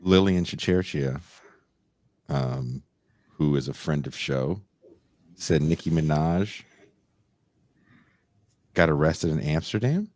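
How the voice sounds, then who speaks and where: A man's voice: very deep voice, slow, pauses often, a little mellow, dry recording. A man hosting a podcast in casual chat, laid-back and laughing easily. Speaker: podcast host.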